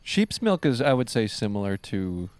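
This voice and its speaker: A man's voice: on the low side, sing-song, normal speed, darkish tone, no echo. A man hosting a podcast, chatting loosely and rambling, swearing casually. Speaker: podcast host. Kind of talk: casual chat.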